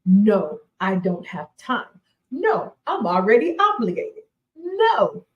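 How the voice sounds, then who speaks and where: A woman in her forties hosts a faith-based talk show, speaking slowly and deliberately. She leans hard on repetition in a folksy, emphatic manner and laughs often. Her voice carries a roomy echo. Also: medium pitch, sing-song, highs cut off. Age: 40s. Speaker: radio show host.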